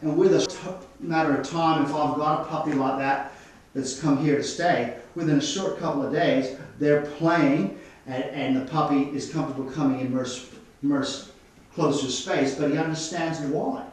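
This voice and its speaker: An Australian man working as a dog trainer, explaining dog behaviour in an instructive way and giving calm commands to the dogs. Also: on the high side, moderate pace. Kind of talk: explaining while demonstrating. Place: studio. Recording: echoey room, mic at a distance.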